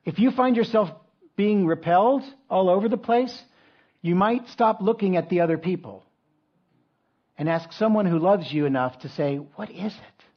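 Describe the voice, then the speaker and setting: A man's voice: sits high, animated, normal speed. A middle-aged man preaching a conversational sermon, with frequent restarts and asides. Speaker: pastor. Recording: dull lo-fi sound.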